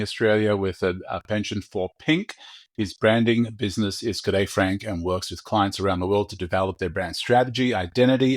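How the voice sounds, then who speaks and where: A man hosting a podcast, friendly and jokey, laughing often as he chats with his guest. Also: on the low side. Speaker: podcast host. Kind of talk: casual conversational interview.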